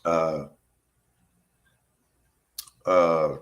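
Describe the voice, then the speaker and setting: A man preaching a sermon, fervent and repetitive, breaking into sudden high whoops. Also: steady tone, lo-fi sound. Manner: slow and drawn out.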